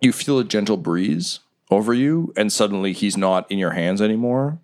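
A man's voice: on the low side, animated, moderate pace, darkish tone. A man running a tabletop game as game master, narrating the scene vividly and dramatically.

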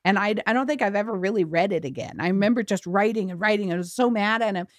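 A woman's voice: medium pitch, fast talker, no room sound, studio quality. A middle-aged woman, a grief educator guest, telling her story candidly in an earnest, emphatic way on a podcast. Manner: earnest and emphatic, with many restarts.

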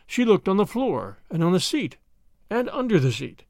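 A man reading a storybook aloud in an expressive, animated storytelling manner, close to the mic. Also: sits high, normal speed, dry recording. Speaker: audiobook narrator. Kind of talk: scripted storybook narration.

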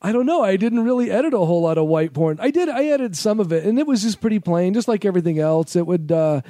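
A man's voice: high-pitched, lively intonation, fast talker, warm tone, no room sound, studio quality. A man guesting on a podcast, telling rambling, profane stories in casual chat and laughing often. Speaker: podcast guest, former adult-film editor.

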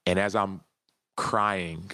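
A man's voice: low voice, steady tone, slow pace, sharp tone, dry recording. A man in his thirties, a podcast guest, telling a personal story in an earnest, heartfelt way during a casual interview.

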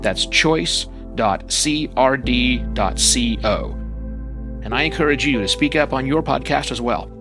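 A man reads a short announcement in a measured, earnest tone, his voice mid-pitched. Guitar music plays clearly underneath him throughout. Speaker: announcer reading a message. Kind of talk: read public service announcement.

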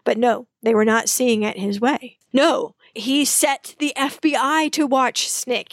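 Woman, podcast co-host, animated casual storyteller, higher pitch, dry close sound. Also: no room sound. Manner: chatty, animated, playful asides.

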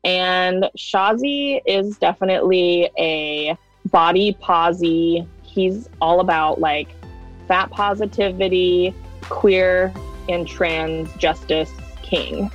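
A woman's voice: fairly low pitch, takes it slowly, faint music behind. A woman guest talking casually and rambling a little, with plenty of fillers, in an interview. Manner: chatty, rambling, with many fillers. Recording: dull, dry remote recording.

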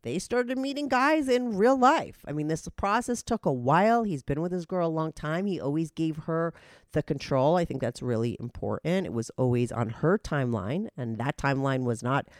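A woman's voice: low voice, expressive, moderate pace, no echo. Blunt, chatty woman host with a stuffy nose from a cold; dry, close mic. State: nasal from a cold. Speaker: podcast host. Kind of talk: casual frank interview.

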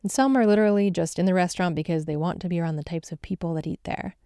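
Brief: female podcast host, mellow and warm tone, polished scripted narration, dry booth sound. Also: lowish voice, very fast, clear, resonant tone, no echo.

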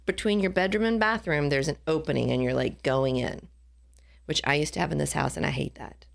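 A woman's voice: low voice, brisk, gravelly. A woman co-host in casual chat, joking and speaking straight to a listener as she gives design advice.

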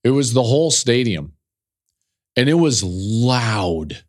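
On the football podcast he hosts, a middle-aged college football analyst shares a heartfelt story that keeps building in intensity. His medium-pitched voice has a sing-song quality and a slow pace.

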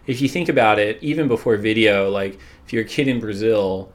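A man's voice: on the low side, brisk. A middle-aged man from Southern California, a surf league executive chatting on a podcast, rambling with many fillers and restarts. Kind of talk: casual podcast chat.

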